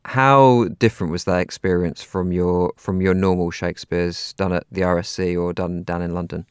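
A man's voice: deep voice, steady tone, moderate pace, clear, resonant tone, no room sound, studio quality. A man interviewing a guest, asking probing, conversational questions.

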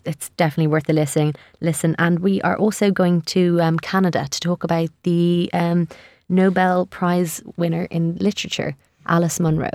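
A woman's voice: low-pitched, a little mellow, no echo, clean studio sound. A woman radio producer previewing her show, hesitant with many ums. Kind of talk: studio radio chat. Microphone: studio microphone.

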